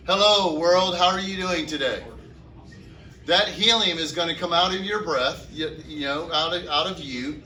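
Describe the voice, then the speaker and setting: In an echoey classroom recorded from a distance, a man teaches chemistry, posing questions to the class and answering them himself. His voice is a little high, pushed and bright, with a slight hiss or hum.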